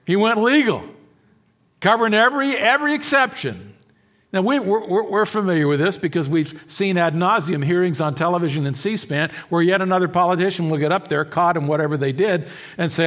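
Dramatic pastor with a fairly high voice. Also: male voice, lively intonation. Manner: dramatic, swinging between hushed and emphatic; halting restarts and repeated words. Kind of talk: expository sermon.

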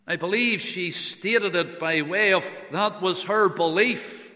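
A man preaching a sermon slowly and in a measured way, quoting Bible verses in old English. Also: high voice, bright, forceful tone, big-room sound.

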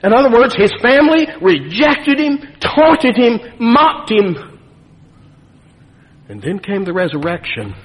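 A man preaching a sermon in a folksy, animated way, with asides to his congregation. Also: sits high, unhurried. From Nevada. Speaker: pastor. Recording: long reverb of a church hall.

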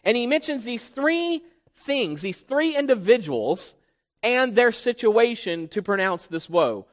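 A man's voice: extremely high pitch, big pitch swings, unhurried. A man preaching an expository sermon in a church, emphatic and teacherly, putting questions to the congregation. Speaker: pastor. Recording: long hall reverb.

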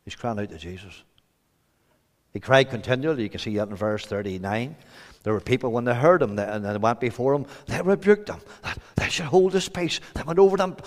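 A Northern Irish man preaching an evangelistic sermon, swinging from quiet low lines to loud shouted emphasis. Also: a little fast. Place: church hall. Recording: hall reverb.

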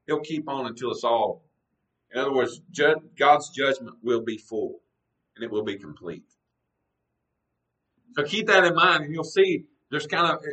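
Male pastor, sermon teaching, earnest, conversational, bright voice, a bit off-mic. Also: medium pitch, recorded from a distance, low-quality recording. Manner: earnest, conversational, reads scripture aloud with emphasis.

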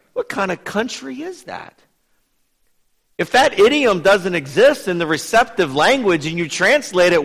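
A man teaching a Bible study in a lively, conversational way, putting questions to his listeners. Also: on the high side, in a large hall. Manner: lively, asks the audience questions.

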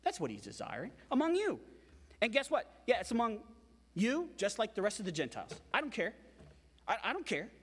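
A man preaching a sermon as pastor, emphatic and animated, with frequent repetitions. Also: sits high, a little fast, breathy edge, in a large hall.

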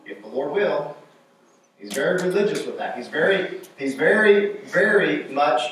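A man's voice: on the high side, lively intonation, moderate pace, a bit bright, heavy reverb, recorded from a distance, slight background noise, low-quality recording. A man preaching a sermon with emphasis, repeating his key phrases.

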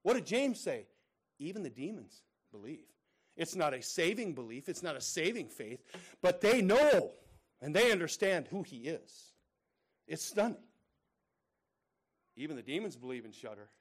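A male pastor preaching a sermon, emphatic and repetitive, swinging between loud declarations and hushed asides. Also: a little high, sing-song, moderate pace, pauses often, breathy edge.

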